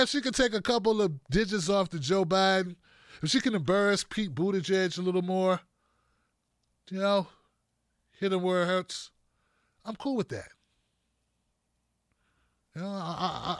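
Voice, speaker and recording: A man's voice: high-pitched, moderate pace, pauses often, no echo, clean studio sound. A man hosting a live political commentary stream, talking bluntly and mockingly off the cuff. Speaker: host.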